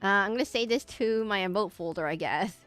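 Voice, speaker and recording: Drawing requests on a live stream, this woman speaks in a mid-range, brisk, fairly bright voice with faint music behind her and no echo. She chats casually to her viewers, rambling and laughing at herself.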